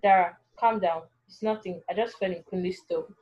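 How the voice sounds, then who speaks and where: A woman voicing a bruised young woman who quietly evades questions about her injuries. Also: fairly low pitch, normal speed, highs cut off, lightly acted. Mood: evasive.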